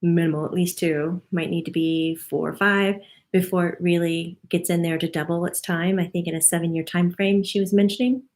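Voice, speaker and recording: A woman's voice: lowish voice, fairly even intonation, normal speed, a little mellow. A woman working as a medium, casually passing on a spirit guide's monthly forecast, chatty and given to laughing. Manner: chatty, laughs often, relays what the guide says.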